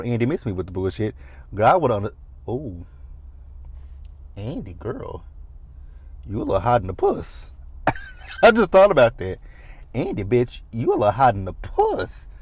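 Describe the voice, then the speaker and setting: A man hosting a casual TV recap, animated and profane, laughing often as he retells scenes. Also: mid-range voice, dry recording, dull audio. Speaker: TV show recap host.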